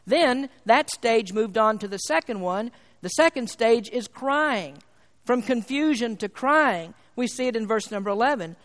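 A man's voice: very high-pitched, animated, unhurried, a bit bright, in a large hall. A man preaching a sermon in a church, emphatic and full of rhetorical questions.

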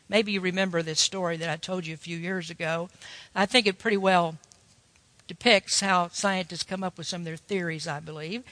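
Bright high-voiced man preaching a sermon. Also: dry recording, in a large hall. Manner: storytelling, folksy and emphatic.

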